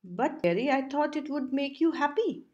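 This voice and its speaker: A woman's voice: sits high, animated, moderate pace, darkish tone, lo-fi sound, voice pushed up. A woman voicing a meek, eager-to-please clerk husband who coaxes his wife earnestly. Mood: coaxing.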